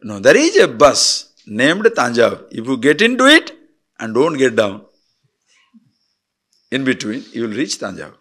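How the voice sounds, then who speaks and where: A man's voice: medium pitch, wildly swooping pitch, measured pace, long pauses, fairly bright tone. A man giving a spiritual discourse as a teacher, blunt and teasing, full of rhetorical questions.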